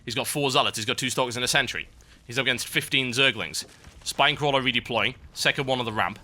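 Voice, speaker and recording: A young British man casting a strategy game match with brisk, wry play-by-play and chatty asides. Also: medium pitch, sharp tone. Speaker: esports caster. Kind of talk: live game commentary.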